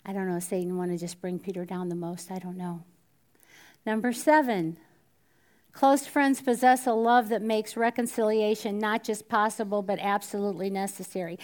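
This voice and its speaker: A woman teaches a Bible study in a relaxed, conversational way. She often turns to her listeners with questions. At moments her voice sinks to a hushed whisper. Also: medium pitch, normal speed. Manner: conversational, drops to a whisper at times, asks the room questions.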